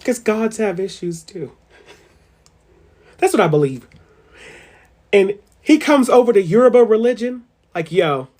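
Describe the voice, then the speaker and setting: Brief: excitable vlogger, cusses freely, mid-pitched voice, jumps from shouts to near-whispers. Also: unhurried, long pauses. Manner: profane, excitable, swings between shouting and murmuring. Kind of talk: casual spiritual rant.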